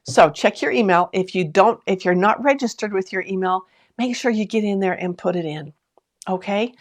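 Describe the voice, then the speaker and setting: A woman's voice: medium pitch, normal speed. Chatty laughing woman hosting a live stream. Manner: laughs often while telling a story; talks straight to viewers with lots of asides and questions. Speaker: sewing channel host. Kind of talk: chatty live stream, reading viewer comments.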